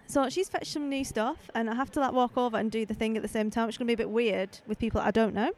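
A high-voiced woman hosts a live podcast while strolling between outdoor stalls. She talks into a handheld mic in a chatty, rambling way and keeps throwing in friendly asides. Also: fairly even intonation, fast, a little mellow. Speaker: podcast host. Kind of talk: casual live walkabout podcast. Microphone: handheld microphone.

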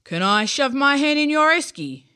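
A woman voicing a shaggy, gentle, clumsy bunyip swamp creature in a bedtime story. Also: expressive, moderate pace. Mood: sheepish. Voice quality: deep voice.

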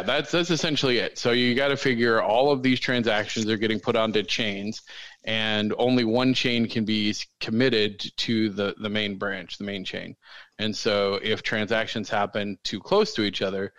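A man's voice: on the low side, fairly bright tone, dry recording, rough recording. A man co-hosting a podcast, chatting casually and rambling with jokes and many fillers. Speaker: podcast co-host. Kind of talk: casual chat.

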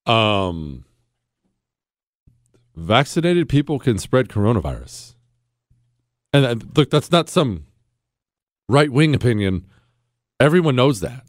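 A man hosting a call-in radio talk show, sarcastic and quick to laugh. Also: mid-range voice, very animated, no echo, clean studio sound.

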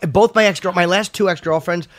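A man's voice: sits high, a bit bright. A man in a casual chat, talking openly and swearing freely. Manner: fast, candid, profane.

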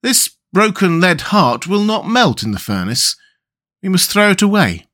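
A man plays a practical foundry overseer puzzled by what he finds. The voice is pitched well above the reader's own and sounds wondering. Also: sing-song, moderate pace, pushed and bright, full character voice.

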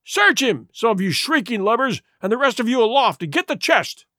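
A man voicing a blind old pirate who shouts fierce commands in a high, strained voice, reading a storybook. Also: sing-song, normal speed, no echo, studio quality, full character voice. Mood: furious.

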